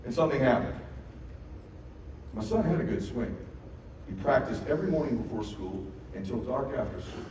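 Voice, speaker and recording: A middle-aged man giving a motivational keynote on stage, telling a story in an animated, profane way and acting out the dialogue. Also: mid-range voice, normal speed, long pauses. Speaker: keynote speaker. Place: large event hall on stage. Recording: echoey hall from far off with noise.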